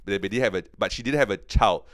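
On a podcast, a man teaches from the Bible with earnest eagerness, often halting to restart and repeat words, then growing excited and emphatic. His voice is on the low side, and the recording is dry and studio-quality.

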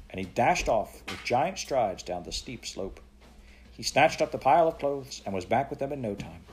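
Man reading a kids' classic aloud, lowish voice, steady and plain. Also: a little hiss or hum. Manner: steady, plain storytelling with a few self-corrections. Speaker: narrator. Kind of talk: audiobook reading of a children's classic.

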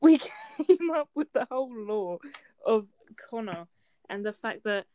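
A teenage girl with a fairly high voice telling stories and teasing through bursts of laughter. Her talk is loose and casual. The recording is dry and close. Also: expressive, unhurried, mellow, no room sound. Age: teens. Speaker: co-host. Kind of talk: casual chat.

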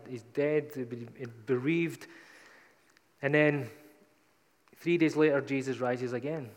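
A man gives a sermon in a mid-pitched voice, retelling the story in an easy, conversational way. The sound rings with a long reverb, as if in a large hall. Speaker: preacher.

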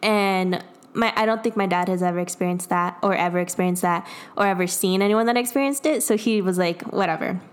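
A woman's voice: fairly low pitch, brisk. A young adult woman in casual chat, telling a personal story in a rambling way, full of fillers and laughs. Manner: rambling, lots of "like", laughs often.

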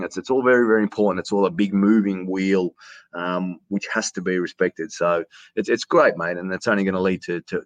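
Chatty Australian man, deep. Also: dry recording. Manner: warm, says mate often, repeats words. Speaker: guest, sports announcer. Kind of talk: casual conversation over a call. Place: hotel quarantine room.

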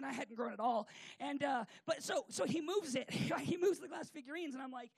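A man's voice: extremely high pitch, fast, gravelly, no room sound. A man preacher telling a rambling, joking story in a comic sermon, full of fillers.

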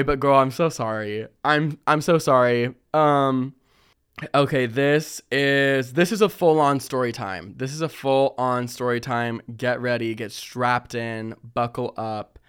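A young adult man hosting a casual storytelling vlog, animated and often laughing as he quotes himself in higher voices. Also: clear, resonant tone.

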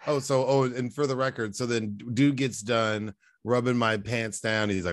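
A man's voice: mid-range voice, fairly even intonation, moderate pace, dry recording. A man hosting a casual podcast, telling profane, rambling stories full of restarts. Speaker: podcast host.

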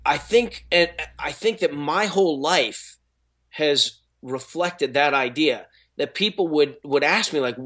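Rambling middle-aged man, slightly high voice. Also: expressive, slow pace, fairly bright tone. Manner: rambling, many restarts and fillers. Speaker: actor and speaker. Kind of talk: casual interview talk.

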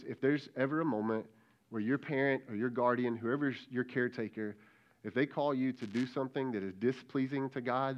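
A man's voice: mid-range voice, lo-fi sound. A middle-aged man, a lead pastor, preaching a conversational sermon and calling out directly to kids and students.

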